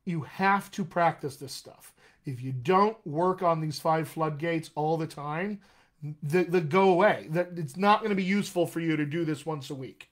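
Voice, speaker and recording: Dialect coach guy on a live stream, fairly high voice, super encouraging, hypes up his viewers. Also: normal speed. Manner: enthusiastic, encouraging, addresses viewers by name. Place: home room, live video stream.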